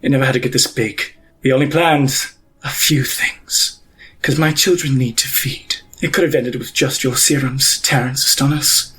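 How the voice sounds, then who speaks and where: A man voicing a vengeful woman pontiff who protects her feeding children, speaking low and measured. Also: steady tone, bright, forceful tone, slightly rough. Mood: menacing.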